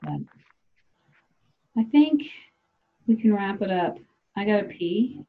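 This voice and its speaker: A woman's voice: mid-range voice, expressive, slow pace, phone-quality sound. A woman from South Dakota hosting a podcast, chatting loosely and laughing as she acts out what people say. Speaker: podcast host. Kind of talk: casual chat.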